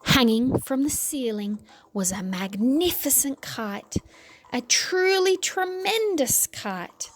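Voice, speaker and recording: A woman narrating a children's storybook, taking her time and leaning into dramatic words. Her voice sits a touch high and moves with expressive emphasis. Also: takes it slowly. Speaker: audiobook narrator.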